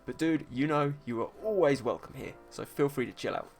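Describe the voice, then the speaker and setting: A man with a posh British accent chats casually to his stream viewers, joking and teasing as he gets ready to paint. His voice sits at a middling pitch, and quiet music plays faintly underneath. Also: expressive, a little fast. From England. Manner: playful, teasing, chatty with viewers. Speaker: art streamer host. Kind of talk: casual livestream chat.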